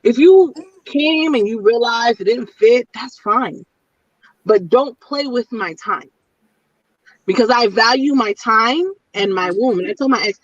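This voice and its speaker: A woman's voice: fairly high pitch, lively intonation, measured pace, no echo. A middle-aged woman in a candid casual chat, speaking bluntly and emphatically and repeating her points. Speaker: panelist in a women's chat. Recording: distant, dull lo-fi audio.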